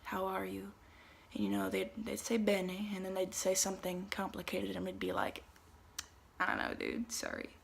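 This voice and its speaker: A young woman recounts her travel days in a loose, chatty vlog voice. Her tone sits at a middle pitch with a gravelly fry running through it. She keeps stories moving with plenty of fillers and animated asides. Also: normal speed, very noisy. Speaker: vlogger. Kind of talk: casual storytelling to camera. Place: travel spots in Italy, some clips outdoors.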